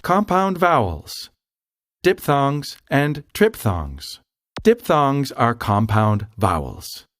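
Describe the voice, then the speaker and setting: Slow, careful male tutor narrating. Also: mid-range voice, big pitch swings, no room sound. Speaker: language tutor. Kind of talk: scripted instructional narration.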